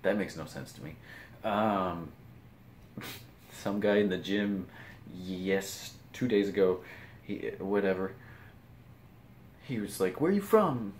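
Deep-voiced man rambling to camera. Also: fairly even intonation, slow pace, pauses often, darkish tone, slight background noise. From US Pacific Northwest. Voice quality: slightly mumbled. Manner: rambling, self-deprecating, restarts phrases. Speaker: vlogger. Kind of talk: casual morning ramble to camera.

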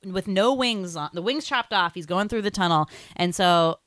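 A young woman with a low-set voice chats on a podcast, recorded close and dry. She talks in an animated, loose way, laughing often and dropping "like" into nearly every sentence. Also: moderate pace, no room sound. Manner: animated, laughing, heavy use of "like". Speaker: podcast co-host. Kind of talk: casual chat.

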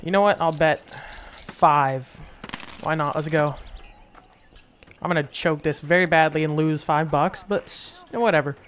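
A man's voice: fairly high pitch, a little slow, a bit bright, slight background noise. A man casually commenting while playing a game, thinking aloud with restarts. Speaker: gameplay streamer.

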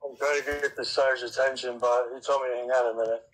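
Husky, blunt-talking caller. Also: mid-range voice, little pitch movement, quick pace, rough recording. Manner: blunt, confused, swears. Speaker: caller on the stream. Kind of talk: casual chat.

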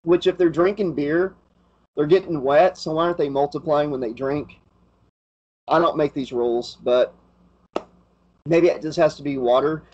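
A man's voice: fairly high pitch, moderate pace, long pauses, a little mellow, muffled recording. A man hosting a podcast, chatting casually in a loose, rambling way with plenty of fillers. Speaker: podcast host.

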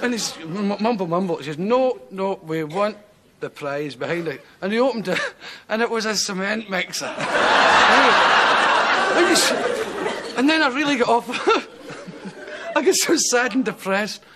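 With crowd noise around him, a Scottish man guesting on a talk show chuckles through rambling, funny anecdotes. His high-pitched voice is lively and unhurried. The 1970s studio recording carries hiss and the live audience's laughter.

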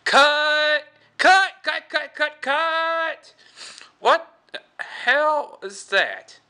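A man voicing a cackling undead male ghoul who hosts horror tales, in a shrill and hammy manner. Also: animated, extremely slow, pushed and bright, full character voice. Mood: furious.

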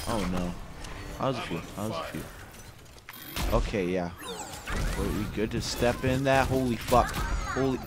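A man's voice: mid-range voice, unhurried, pauses often, noisy background. A young man commentating his own shooter gameplay, swearing often and breaking into frustrated outbursts. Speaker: gaming YouTuber.

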